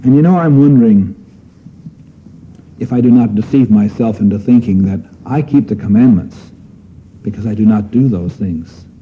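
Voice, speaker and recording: A man's voice: on the low side, normal speed, pauses often, breathy edge. A man preaching a sermon in an earnest manner, asking his listeners questions and pressing on key phrases. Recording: dull lo-fi sermon recording.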